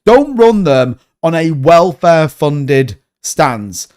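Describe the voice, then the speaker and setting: A man's voice: on the high side, big pitch swings, slow pace, darkish tone. A man with a Yorkshire accent, chatting bluntly on a livestream and answering viewers, often repeating himself and calling people mate. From Yorkshire, England. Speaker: crypto livestream host. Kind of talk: casual livestream chat reading viewer comments.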